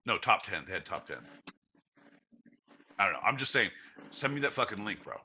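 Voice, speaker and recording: A man hosting a live podcast, bantering loudly in a rambling, profane, joking way. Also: fairly low pitch, very animated, moderate pace, noisy background. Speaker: podcast host. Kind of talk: casual live-stream banter.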